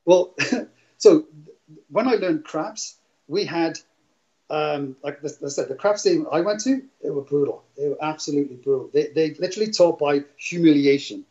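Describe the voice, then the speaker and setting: Middle-aged man, rambling storyteller who laughs often; lightly raised pitch, muffled lo-fi recording. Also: expressive, normal speed, dark tone. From Wales. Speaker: guest, casino dealer. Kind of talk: casual interview storytelling. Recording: dull lo-fi audio.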